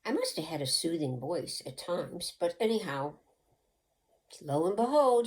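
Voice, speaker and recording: A woman in her seventies casually telling a childhood story, rambling through asides and dropping into a soft, hushed, slow voice when she acts out her hypnosis patter. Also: lowish voice, very animated, poor audio. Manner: rambling and chatty, with many asides and restarts. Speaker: channel host telling childhood stories.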